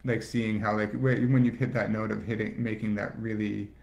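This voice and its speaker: A man comedian in casual chat, halting and full of fillers like "like". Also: fairly low pitch, little pitch movement, creaky, a little mellow. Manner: halting, filler-heavy, lots of "like". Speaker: comedian guest.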